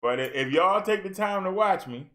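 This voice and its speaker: Speaking at normal speed in a high, expressive and fairly bright voice, a vlogger who is also a minister talks directly to his viewers. His casual chat, filmed on a helmet-mounted camera, is loose and repetitive.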